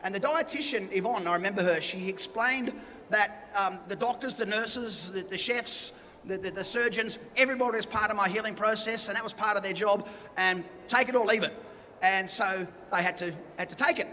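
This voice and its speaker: A middle-aged man with an Australian accent tells stories from the stage in a chatty, self-deprecating way. His voice sits high for a man and sounds bright and forceful. It rings with the long reverb of a hall. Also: brisk. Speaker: event speaker and MC. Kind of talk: personal storytelling talk. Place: event hall.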